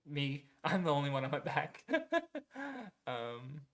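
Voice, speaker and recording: A streamer reading out viewer recommendations talks slowly in a mid-range voice. He speaks casually to viewers, rambling with lots of "um" and "like," correcting himself mid-sentence and swearing now and then.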